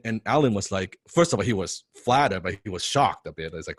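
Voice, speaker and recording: A man with a fairly low voice tells a personal story in a casual motivational talk. He is animated and keeps stumbling into repeated words and little laughs. The sound is close and dry, with no room around it. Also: a little fast, slightly rough, no room sound. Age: young adult. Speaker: business coach.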